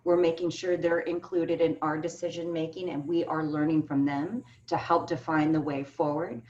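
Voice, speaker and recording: A woman's voice: low-pitched, fairly even intonation, moderate pace, a little mellow, a little hiss or hum. A woman speaking as a keynote speaker, answering panel questions earnestly and with emphasis over a video call. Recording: echoey, distant, dull video call audio.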